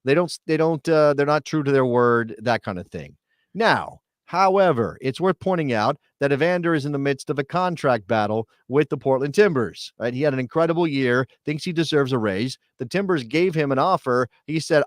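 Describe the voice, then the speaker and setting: A man's voice: medium pitch, animated, brisk, no echo, studio quality. A man hosting a live sports talk show, chatty and joking, with many fillers and restarts. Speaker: podcast host.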